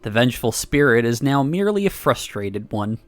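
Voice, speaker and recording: A man's voice: medium pitch, fairly quick, no room sound. Man reading a visual novel aloud. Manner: expressive reading broken by laughs and asides. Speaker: streamer.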